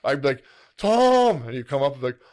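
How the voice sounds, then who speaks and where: Male podcast co-host, mid-pitch, loose rambling storyteller, acts out his own thoughts, lots of "like" and "dude". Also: flat delivery, rapid-fire, a little mellow. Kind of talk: casual storytelling chat.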